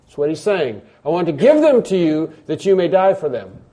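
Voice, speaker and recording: Male preacher, emphatic and repetitive, mellow tone, slightly high pitch. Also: sing-song, moderate pace. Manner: emphatic, repeats phrases, swings between loud stresses and quiet drops. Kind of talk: sermon.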